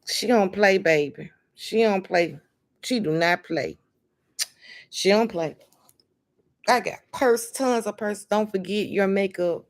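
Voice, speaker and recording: A woman's voice: medium pitch, takes it slowly, long pauses. A woman hosting a casual livestream, talking emphatically and calling her viewers honey and baby. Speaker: livestream host.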